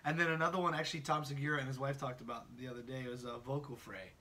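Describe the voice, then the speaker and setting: A man's voice: mid-range voice, racing, distant mic. A man from the Midwest near the Kentucky border with a faint Southern Kentucky accent, chatting casually on a podcast and mimicking voices as he tells stories. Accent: slight Southern Kentucky. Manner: animated storyteller, mimics voices, swears casually. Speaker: podcast host. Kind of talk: casual chat.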